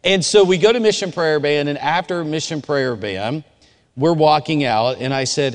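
A man giving a relaxed, conversational sermon. He tells personal stories and talks directly to his audience. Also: a little high, normal speed. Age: adult. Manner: informal, storytelling, speaks directly to the audience. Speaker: chapel speaker. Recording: long hall reverb.

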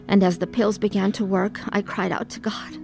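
A woman's voice: mid-range voice, fairly even intonation, moderate pace, vocal fry, a little mellow, soft background music, close to an everyday voice. An actress playing a middle-aged wife who narrates her own story in a radio drama, earnest and heavy with pain. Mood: reflective. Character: weary wife recalling her troubled past. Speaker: narrator and lead character.

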